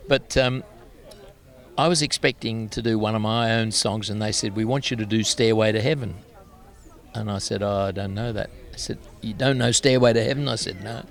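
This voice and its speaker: A man's voice: lowish voice, fairly even intonation, moderate pace. An older Australian man, a guest musician, telling anecdotes in a casual outdoor interview and laughing at himself.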